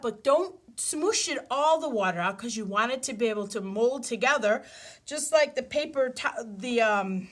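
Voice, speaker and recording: A preschool teacher, a woman, talks to little children through a camera with a high, bouncing voice that leaps up and down. She takes her time, counting aloud and cheering in a sing-song way. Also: a bit bright. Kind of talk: animated online lesson for small children.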